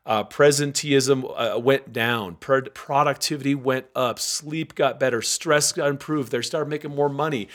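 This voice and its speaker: A man, a guest author, talking casually in an interview and acting out quoted voices with lively energy. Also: mid-range voice, normal speed, hardly any pauses. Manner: animated, acts out quoted voices.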